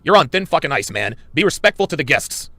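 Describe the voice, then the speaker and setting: Gravelly, animated man talking brashly. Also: on the high side, no echo. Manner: brash, halting, filler-heavy. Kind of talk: casual podcast talk.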